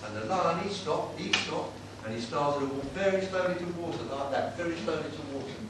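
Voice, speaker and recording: A man's voice: a little high, lightly acted. A man doing a cheeky old-time music-hall comic. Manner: brisk patter, lots of "I said, he said". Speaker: tribute act comedian. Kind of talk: live stand-up with saucy gags. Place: live venue with an audience. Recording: roomy and distant with loud noise.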